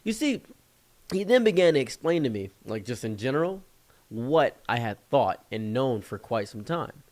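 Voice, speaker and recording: A man's voice: medium pitch, normal speed. Chatty man with a Midwestern accent. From Africa. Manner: animated, chatty, many fillers. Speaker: storyteller. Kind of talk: casual storytelling.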